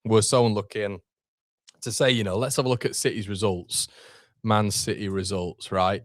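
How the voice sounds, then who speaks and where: A man's voice: fairly low pitch, steady tone, moderate pace, no room sound, clean studio sound. A young man hosting a live fan watchalong, reacting with frustration and swearing as he talks to his chat.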